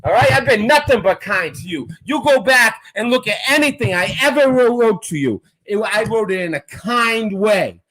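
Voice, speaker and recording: A man with a high, bright voice rants heatedly on his own livestream. His pitch swings widely as he lashes out, profane and confrontational. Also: lively intonation, moderate pace, few pauses, poor audio. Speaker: livestream channel host. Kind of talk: angry livestream rant.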